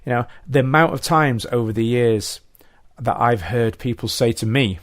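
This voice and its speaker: A man's voice: medium pitch, normal speed, dry recording, studio quality. A man hosting a podcast, upbeat and encouraging as he chats with his guest and wraps up the show. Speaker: podcast host. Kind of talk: casual chat.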